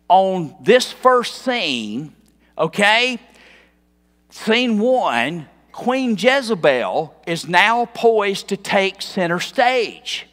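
High-voiced pastor in an echoey sanctuary. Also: male voice, bright, forceful tone. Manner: conversational, quizzes the congregation, emphatic. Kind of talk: expository sermon. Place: church sanctuary.

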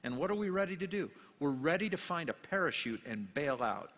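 A pastor giving a jokey sermon, dropping to quiet asides and then rising into loud, emphatic bursts. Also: male voice, on the high side, very animated, brisk. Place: church sanctuary. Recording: long church reverb, dull lo-fi sound.

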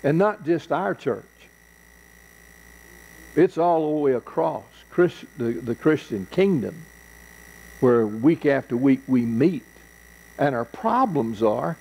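A middle-aged man, a pastor, speaks slowly and earnestly to a church Bible class. His voice is gravelly and mellow, and he repeats phrases for emphasis as he teaches and prays. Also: a little high, lively intonation, highs cut off.

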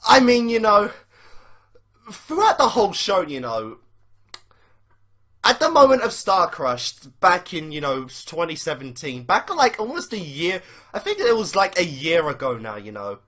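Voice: mid-range voice, bright, forceful tone. A young adult fan giving casual, rambling commentary on a cartoon, with lots of fillers and swearing. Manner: rambling, full of "you know" fillers and swearing. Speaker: fan reacting to a cartoon episode.

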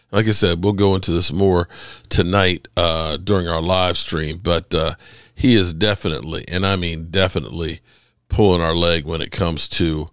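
A man's voice: medium pitch, no room sound, clean studio sound. A man hosting a sports channel, talking through stats in casual commentary, emphatic and repetitive, with occasional cursing.

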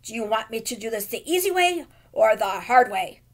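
A woman reading aloud and voicing an excited, boastful boy with super speed, with mock tough-guy bravado. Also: fairly high pitch, normal speed. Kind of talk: reading a children's novel aloud.

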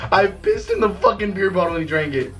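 A man's voice: sits high, fast, very noisy. A young man hosting a vlog, telling crude stories in casual chat, often breaking into laughter. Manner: laughing, crude banter, animated storytelling. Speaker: vlog host.

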